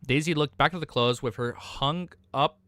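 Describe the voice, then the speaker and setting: A man's voice: fairly high pitch, normal speed, bright, forceful tone, dry recording. A young man streaming live, reading a novel aloud and reacting in a casual, emotional, swearing way. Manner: casual and swearing, often emotional, exclaims "dude".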